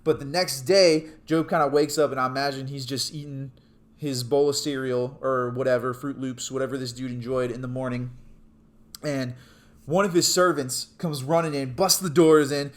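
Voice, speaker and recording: A man's voice: mid-range voice, steady tone, moderate pace. A young adult man giving a casual youth sermon as a youth pastor, chatty and joking as he tells stories.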